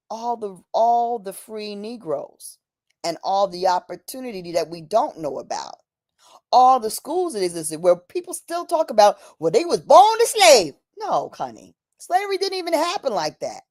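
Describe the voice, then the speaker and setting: A woman's voice: a little high, sing-song, measured pace, a little mellow, dry recording. Preachy woman streamer, dry close sound. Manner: preachy, addresses listener as honey, acts out quoted voices. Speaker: livestream host. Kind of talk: impassioned livestream monologue. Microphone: streaming setup mic.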